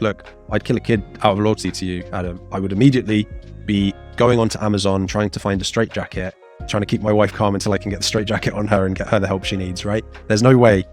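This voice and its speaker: A man in his thirties teaching a casual exam revision lesson, chatty and animated, slipping into playful voices for the quotes. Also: fairly low pitch.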